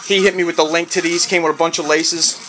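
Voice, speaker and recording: A man's voice: a little high, flat delivery, fast talker, bright, forceful tone. Hyped, slangy man reviewing sneakers. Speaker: sneaker vlogger. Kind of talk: casual video review.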